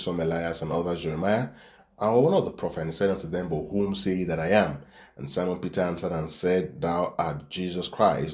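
A man with a low, deep voice leads a Bible-study sermon for his church class. He reads verses aloud, repeats key phrases and keeps checking in with "right?". His voice rings out in a reverberant room. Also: darkish tone. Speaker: preacher teaching a church class.

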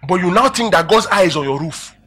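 Male preacher, emphatic sermon delivery, bright and forceful, husky edge. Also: high voice, fast talker. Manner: calls out questions to the congregation; emphatic, animated preaching with rising and falling volume.

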